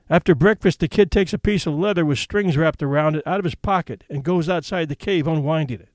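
A man reading a humorous story aloud as narrator, with an expressive, wry first-person telling. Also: a little high, a little fast, few pauses, dry recording. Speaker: audiobook narrator.

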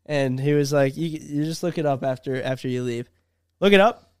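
A man's voice: medium pitch, steady tone, brisk, dark tone, smooth, no echo, clean studio sound. A young man telling a story in casual podcast chat, laid-back and acting out the quotes. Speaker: YouTuber.

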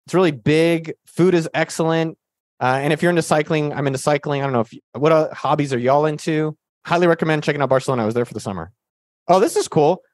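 A man with a slightly high voice talks fast as he hosts a podcast, fielding listener questions in a casual, hyped Q&A full of jokes, slang and banter. There's no room sound in the recording.

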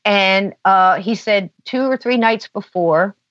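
Speaking slowly in a mid-range, slightly bright voice, a woman guesting on a podcast chats her way through a long story, leaning often on "you know." The recording is dull, dry and lo-fi.

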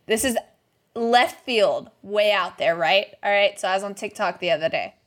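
A woman's voice: medium pitch, normal speed. A woman co-hosting a casual podcast, telling stories in a chatty way and checking in with her listeners as she goes. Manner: chatty storyteller, checks in with "okay?". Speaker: podcast co-host. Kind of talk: casual chat.

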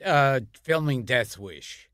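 A male podcast co-host chatting excitedly with a guest. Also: medium pitch, slow, no room sound, clean studio sound. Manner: excitable, eager interjections. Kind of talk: casual interview chat.

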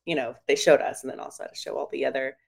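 A young woman, a guest in a casual chat, telling stories and quoting herself in lively voices. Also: very deep voice, very fast, gravelly. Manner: chatty storytelling, quotes herself in lively voices.

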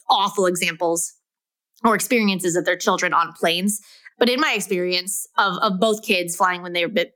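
A woman's voice: medium pitch, bright, forceful tone. Chatty young woman, lots of fillers. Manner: chatty, laughs often, many "like" fillers. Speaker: podcast host. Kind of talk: casual chat.

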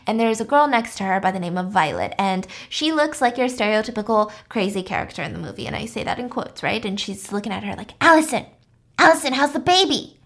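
A woman's voice: mid-range voice, animated, fast talker, few pauses. A young woman casually retelling a story for a podcast, chatty and full of "like", acting out the quotes as she goes. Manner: chatty, lots of "like", acts out quotes.

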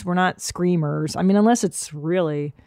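A woman's voice: lowish voice, no room sound. Blunt woman podcast host, dry sound. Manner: blunt, quick to react, animated retellings. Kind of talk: casual chat.

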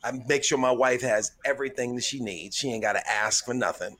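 A man's voice: medium pitch, brisk, a bit bright. A man comedian in casual conversation who rambles, restarts his sentences and brags with humor. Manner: rambling, self-correcting, boastful humor. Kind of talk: casual podcast chat.

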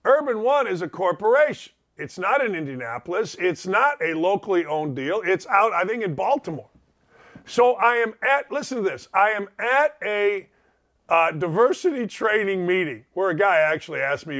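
A middle-aged man with a fairly high-pitched voice runs a casual radio monologue. He jokes freely and slips into little acted snippets of dialogue as he talks. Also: normal speed. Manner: animated, joking, acts out quoted voices. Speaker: radio talk show host.

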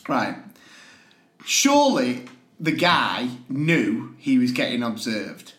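A man's voice: mid-range voice, very animated, takes it slowly, a bit bright. A man co-hosting a casual podcast, breaking into laughing mock rants. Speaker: podcast co-host and teacher. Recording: echoey room.

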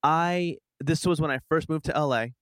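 A man co-hosting a casual chat, telling a story in a relaxed, easygoing way. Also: on the high side, normal speed, no room sound.

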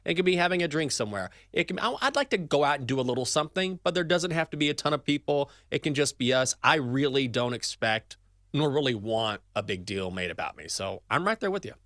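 A middle-aged man co-hosting a sports betting podcast, chatting casually, often restarting and correcting himself in an animated way. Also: mid-range voice, quick pace, no echo, studio quality. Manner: rambling, self-correcting, animated. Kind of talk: casual chat.

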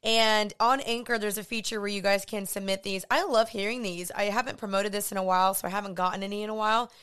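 A woman's voice: medium pitch, fairly even intonation, fast, fairly bright tone, clean tone. Earnest chatty woman podcast host. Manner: chatty, earnest, uses y'all and like. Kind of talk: casual podcast talk.

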